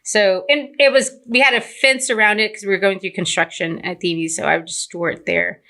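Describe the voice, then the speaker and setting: A woman's voice: medium pitch, a little fast. A young woman from Fort Worth, Texas, being interviewed about her business and telling stories in a chatty way, full of "like" fillers. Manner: chatty, lots of "like" fillers, animated retelling. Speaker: entrepreneur guest. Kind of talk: casual interview storytelling.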